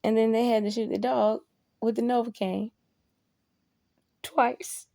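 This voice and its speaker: A woman's voice: a little high, little pitch movement, unhurried, vocal fry, dark tone, dry recording, studio quality. A woman casually telling a personal story to camera, blunt and profane, with emphatic outbursts.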